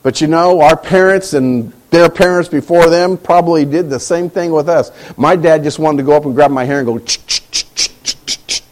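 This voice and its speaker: A middle-aged man preaching a sermon, telling stories with animated delivery and acting out the voices of the people in them. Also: fairly high pitch, fairly quick, few pauses. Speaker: pastor.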